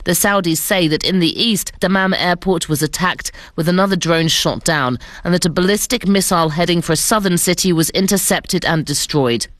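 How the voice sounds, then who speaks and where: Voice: mid-range voice, normal speed, few pauses, dry recording. Correspondent filing a dry, close report. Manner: steady, precise reporting. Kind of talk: scripted news report.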